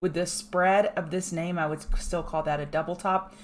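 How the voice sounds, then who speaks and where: A woman's voice: lowish voice, fairly even intonation, moderate pace, a little hiss or hum. A woman hosting a live pre-market show, chatting with viewers by name and walking through stock charts. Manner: chatty, greets chat viewers by name while reading charts. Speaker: market livestream host. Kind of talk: casual live chart analysis.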